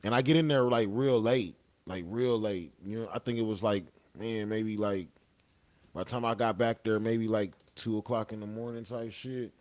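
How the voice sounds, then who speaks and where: A man's voice: on the low side, steady tone, moderate pace, a little mellow. A young man telling a story casually as a podcast guest, laid-back and profane, often tagging lines with "you know what I'm saying.".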